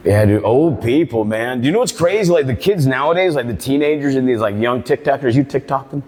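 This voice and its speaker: A man's voice: mid-range voice, fast talker, darkish tone. A man telling a stand-up story in a barbershop, rambling and profane. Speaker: stand-up comedian. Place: barbershop comedy show. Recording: long reverb of a live room.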